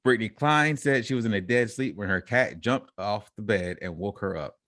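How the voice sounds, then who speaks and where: A man with a low voice co-hosts a laid-back podcast. He reads out news stories and breaks off to joke about them. His voice sounds close and dry, with no room around it. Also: moderate pace, fairly bright tone, dry recording. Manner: reads headlines, then riffs and laughs between lines. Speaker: podcast co-host. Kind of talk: casual podcast chat, reading news stories aloud.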